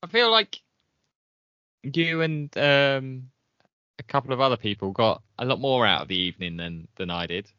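A man, co-hosting a casual chat podcast, chatty and quick to laugh. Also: mid-range voice, animated, bright, forceful tone, clean tone, no room sound, highs cut off. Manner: chatty, laughs often, trails off. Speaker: podcast co-host.

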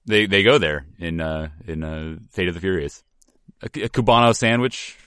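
A man's voice: low-pitched, normal speed, sharp tone, clean tone, dry recording. A man co-hosting a casual movie podcast, making dry, wry remarks. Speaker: podcast co-host.

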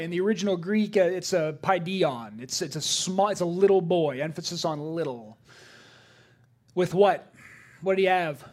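A man's voice: high voice, moderate pace, darkish tone. A male pastor preaching a sermon to his congregation, emphatic and repeating key phrases for weight.

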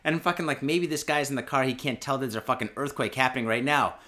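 A podcast host telling a casual story, excitable and profane, with lots of filler words. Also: male voice, medium pitch, fast talker. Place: podcast studio.

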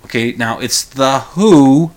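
A man's voice: takes it slowly, darkish tone. A man hosting a podcast, retelling a story in a casual, rambling way, correcting himself and chuckling as he goes. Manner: rambling, self-correcting, chuckles while recounting; acts out quoted lines in a higher voice. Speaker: podcast host.

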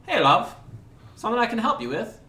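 A man's voice: on the high side, expressive, moderate pace, pushed and bright, reverberant. A man voicing a chatty woman drink vendor who pushes fizzy spritzers, his put-on accent wandering about. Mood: pushy. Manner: pushy sales patter, wandering accent.

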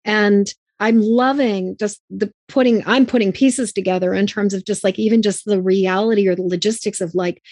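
A woman's voice: mid-range voice, steady tone, moderate pace, hardly any pauses, darkish tone, no room sound, clean studio sound. A woman hosting a casual conversation, chatty and telling stories. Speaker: podcast host.

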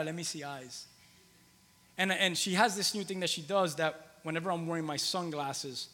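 A man's voice: fairly high pitch, bright, forceful tone, in a large hall. A man in his thirties preaching a conversational sermon in a church, repeating phrases for emphasis. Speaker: pastor. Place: church hall with long reverb.

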